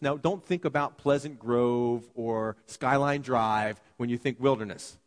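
Pastor preaching in a reverberant hall. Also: male voice, mid-range voice, a little slow. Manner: excitable, conversational, swings from loud to soft. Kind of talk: sermon. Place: church sanctuary.

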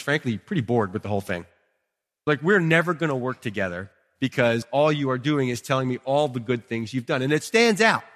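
Conversational male pastor preaching in hall. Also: a little high. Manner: conversational, swings from quiet asides to emphatic peaks. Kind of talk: sermon. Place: church sanctuary. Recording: long reverb of a hall.

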